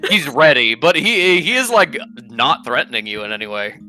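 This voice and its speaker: A young man narrating as game master, halting with many fillers. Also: mid-range voice, big pitch swings, sharp tone, soft background music.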